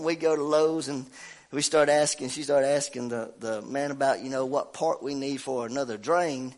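A middle-aged man, preaching and telling a homey story in a folksy, animated way, his voice congested from a cold. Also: medium pitch, moderate pace. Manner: folksy, animated, laughs at himself. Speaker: pastor. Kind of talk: sermon with personal story.

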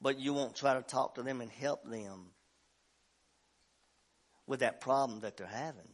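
A man preaching a sermon as pastor, telling a story in a folksy way and building to loud shouts. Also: mid-range voice, unhurried. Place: church sanctuary.

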